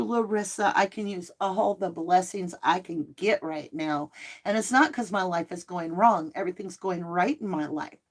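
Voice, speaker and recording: A middle-aged woman hosting a casual livestream, chatting and answering viewer comments. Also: fairly low pitch. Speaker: livestream host.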